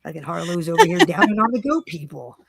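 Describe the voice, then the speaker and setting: A woman's voice: fairly low pitch, fast talker, gravelly, slightly rough, no echo. A woman co-hosting a casual chat, swearing freely and telling stories with lots of energy. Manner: profane, animated storytelling. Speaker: co-host.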